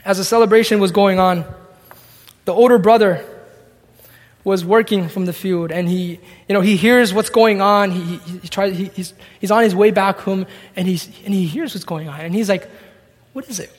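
A man's voice: high voice, steady tone, moderate pace, long reverb tail. A man preaching a sermon, reading scripture aloud and acting out its dialogue. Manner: expository, reads scripture and acts out the dialogue.

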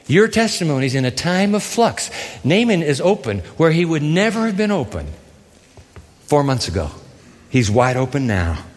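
Animated male preacher in a reverberant hall. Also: a little high, moderate pace. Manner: animated, theatrical storytelling. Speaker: pastor. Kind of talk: sermon.

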